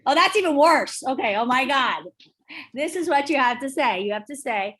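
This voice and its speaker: A woman with a slightly high voice teaches a class in a casual, chatty way. She speaks briskly and with emphasis, and she keeps checking in with the group through questions. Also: lively intonation, a bit bright. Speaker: real estate instructor.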